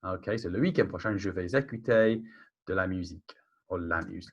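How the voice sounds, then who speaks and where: A male teacher giving a recorded lesson over slides, thinking aloud as he writes and drawing out key phrases slowly. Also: sits low, highs cut off.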